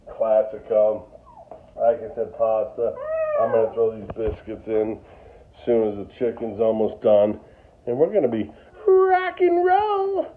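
A man's voice: medium pitch, creaky. A man talking casually while he cooks in his home kitchen, joking around and sliding into angry political rants. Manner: goofy, jokey, turns to angry political ranting. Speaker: home cooking vlogger. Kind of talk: casual cooking chat and rant. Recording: tinny phone-like sound.

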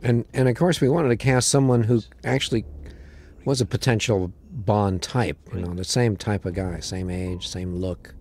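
A man's voice: on the low side, normal speed, a little mellow. A man, a film producer, chatting through a film commentary and remarking on scenes to the director. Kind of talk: DVD audio commentary.

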